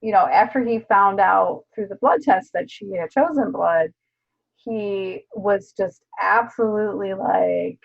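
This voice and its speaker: Gravelly husky woman chatting about a book. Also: mid-range voice, unhurried. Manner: animated retelling with laughs and swearing. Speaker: book club co-host. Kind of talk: casual book discussion. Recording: dull lo-fi sound.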